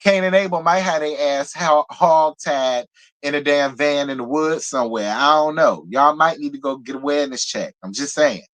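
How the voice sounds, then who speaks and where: Animated, gossipy man with a raised voice. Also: a little high, moderate pace. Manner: animated, profane, gossipy, laughs often. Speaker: reality TV recap host. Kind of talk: casual live review commentary.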